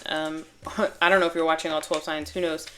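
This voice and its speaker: Woman tarot reader, low-ish voice, chatty and giggly, rambling and casual. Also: level tone, fairly quick, fairly bright tone, a little hiss or hum. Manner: chatty, laughing, self-interrupting. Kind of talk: casual tarot reading to camera.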